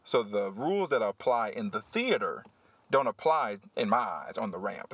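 A man who works as a teacher, hosting a casual podcast chat and telling a story with animated, heated energy. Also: fairly low pitch, normal speed, no room sound. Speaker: podcast host.

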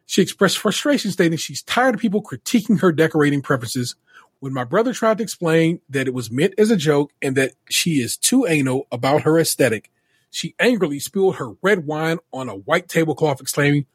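A podcast co-host reading out a listener's story in a steady voice, adding wry asides. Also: male voice, on the high side, brisk, slightly rough, no room sound, studio quality. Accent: Californian. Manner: steady read-aloud delivery with wry asides. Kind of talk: reading a listener story aloud, casual chat.

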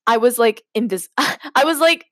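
A woman's voice: mid-range voice, expressive, unhurried, dry recording, clean studio sound. A young woman hosting a casual podcast, reading her old writing aloud and mocking it with lots of laughter and "like". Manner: giggly, self-mocking, says "like" a lot. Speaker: podcast host.

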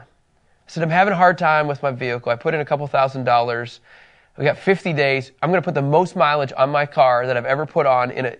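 A man teaching a Bible study lesson in a conversational, animated way, telling personal stories. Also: on the high side.

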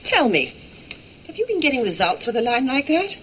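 Classic-film heroine, arch and sparring, fast and lively. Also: female voice, high-pitched, a little hiss or hum. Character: poised witty woman sparring with a flirt. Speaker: film actress in a romance scene. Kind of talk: classic Hollywood film dialogue.

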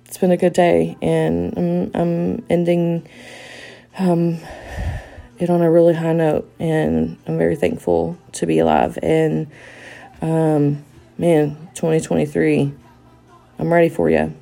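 A woman's voice: low-pitched, monotone, slow pace, vocal fry, mellow, faint music behind. A woman hosting a podcast in a casual monologue, rambling with lots of fillers and restarts. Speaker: podcast host.

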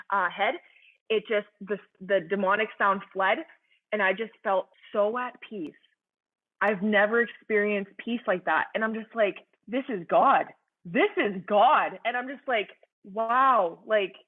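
Fervent young woman, tinny phone sound. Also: mid-range voice. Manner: earnest and fervent, heavy use of "like" and "you know". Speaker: person sharing her faith testimony. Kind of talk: emotional personal testimony.

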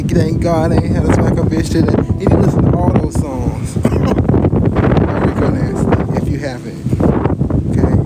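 A man's voice: on the high side, very noisy. A man hosting a casual podcast. He tells stories with lots of cursing and laughs often as he talks. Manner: profane, laughs often, animated storyteller. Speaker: podcast host and ambulance worker.

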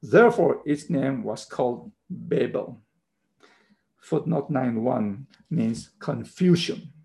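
A man preaching a sermon, teaching slowly through a Bible passage in non-native English phrasing, with emphatic repeated checks like "okay.". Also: mid-range voice, expressive, vocal fry, warm tone, rough recording. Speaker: pastor.

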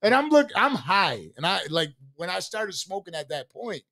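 A man from Buffalo, New York, telling a long, animated story in casual chat, swearing freely. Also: sits high, normal speed. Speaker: podcast co-host.

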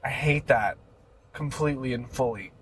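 A man's voice: mid-range voice, normal speed, a little hiss or hum, poor audio. A young man, a podcast guest, joking and bantering in casual chat. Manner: joking, reacts with laughs and banter.

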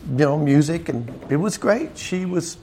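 A man, a musician guest, chatting casually and telling animated stories. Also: normal speed, a little hiss or hum. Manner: animated storyteller, raises pitch to imitate others. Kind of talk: casual chat.

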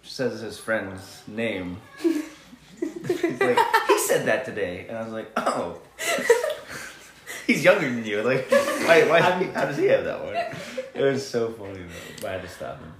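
Deep-voiced dad in an echoey room. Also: male voice, measured pace, pauses often, crowd noise. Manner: animated, laughing storyteller. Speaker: guest, a dad. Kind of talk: casual interview chat.

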